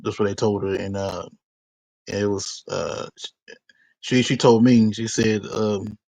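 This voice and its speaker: A man telling his story in a street interview, halting and repeating himself often. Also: lowish voice, steady tone, creaky, darkish tone, no echo. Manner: halting, repetitive, many restarts.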